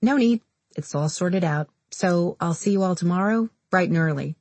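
A brash, chummy male film director in an audiobook, talking loud and breezy as a woman reader puts him on. His voice comes out husky and dry. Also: sits high, moderate pace, no room sound. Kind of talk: audiobook character voice.

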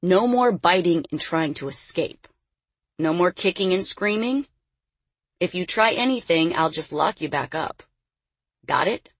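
A woman voicing a scheming middle-aged male sideshow boss in an audiobook, smooth and persuasive with a threat underneath. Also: lowish voice, lively intonation, unhurried, no room sound. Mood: coaxing. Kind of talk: audiobook character voice.

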